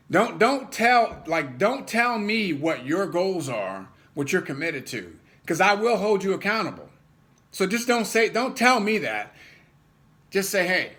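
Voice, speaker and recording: A man's voice: on the high side, a bit bright. A man giving an emphatic motivational talk to an audience, repeating words for stress and acting out the people he quotes. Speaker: motivational speaker.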